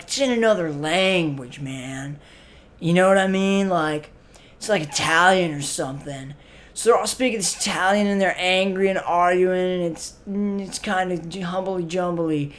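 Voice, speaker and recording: In a comedy sketch monologue, an actor with a high voice plays a clueless, spaced-out young stoner hosting a comic web show. He drawls through it with plenty of fillers, tacking "man" onto his phrases.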